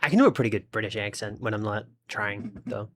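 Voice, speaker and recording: A man's voice: fairly low pitch, quick pace, noisy background. Chatty Australian streamer guy. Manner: rambling, chatty, talks to his chat. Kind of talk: casual gaming livestream chat.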